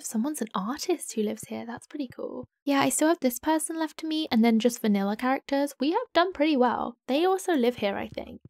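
A young woman giving casual, giggly let's-play commentary with gasps and hushed asides. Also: sits high, lively intonation, fairly quick, vocal fry, hardly any pauses, dry recording, studio quality. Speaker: gaming YouTuber and streamer.

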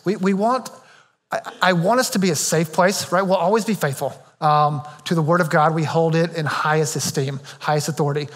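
A male pastor delivers a sermon in a relaxed, conversational way, cracking jokes and tossing in "right?" to keep the room with him. His voice sits fairly high for a man. The sound carries a long reverb from a large church hall. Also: a little fast. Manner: conversational and joking, keeps asking "right?". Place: church auditorium.

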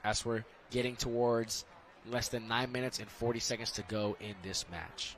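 A young man doing casual, jokey color commentary for a school soccer stream, rambling and getting excited. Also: mid-range voice, moderate pace.

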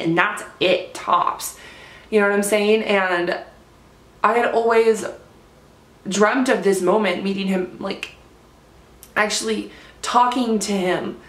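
A woman's voice: medium pitch, normal speed. Gushing woman vlogger, echoey room. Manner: gushing, heavy use of "like". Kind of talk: casual storytelling to camera.

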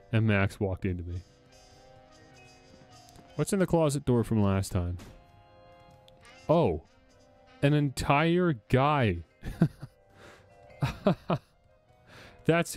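A man's voice: medium pitch, very animated, unhurried, pauses often, a little mellow, faint music behind. Chatty man streaming a game. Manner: chatty, laughs often, rambling. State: sore throat. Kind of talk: casual let's-play commentary.

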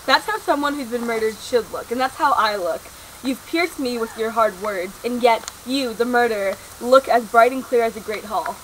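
Woman doing a jealous young wizard, dramatic, high voice, faint hiss. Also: moderate pace, fairly bright tone, natural voice, poor audio. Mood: sulky. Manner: sulky, then flowery declarations. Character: moody young male wizard, jealous suitor.

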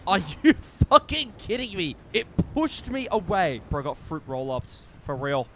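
A young man streaming a game, joking, swearing and shouting excitedly as he plays. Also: high voice, measured pace, noisy background. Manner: loud, excitable, swears a lot, jokey. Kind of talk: gaming commentary.

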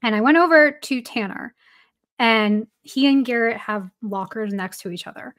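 A woman telling a story in a relaxed podcast chat, her voice sitting a little higher than most. She talks in a loose, chatty way, full of "like" fillers and with laughter breaking in as she reports to the host. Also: moderate pace. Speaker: baseball reporter, guest. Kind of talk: casual storytelling in a podcast interview.

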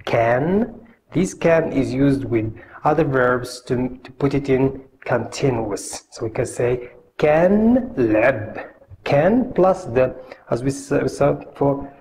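Young male tutor, patient and repetitive, mid-range voice, faint background hum. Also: mid-range voice. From Morocco. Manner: patient, repeats phrases slowly for learners. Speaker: language teacher. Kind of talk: online language lesson.

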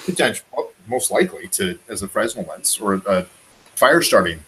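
A man's voice: fairly low pitch, big pitch swings, normal speed, fairly bright tone, slight background noise, rough recording. A man hosting a casual podcast, joking and teasing his co-hosts. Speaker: podcast host. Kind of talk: casual chat.

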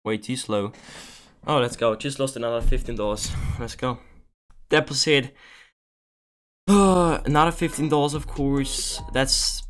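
A man's voice: medium pitch, fairly even intonation, unhurried, long pauses, fairly bright tone. A young man streaming online gambling, talking casually to viewers, often pleading and swearing in exasperation.

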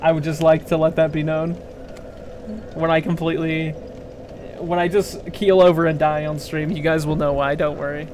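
Excitable young man streaming a game. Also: on the high side, normal speed, noisy background. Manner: excitable, yelps and pleads when in danger, sarcastic bravado. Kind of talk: live gameplay commentary.

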